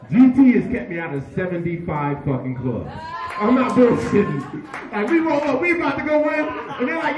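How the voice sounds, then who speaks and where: A man emceeing a comedy tribute show, loud and profane, hyping the crowd between stories. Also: very high voice, expressive, moderate pace, far from the mic, highs cut off. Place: comedy bar stage with audience. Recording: echoey room, mic from afar, crowd.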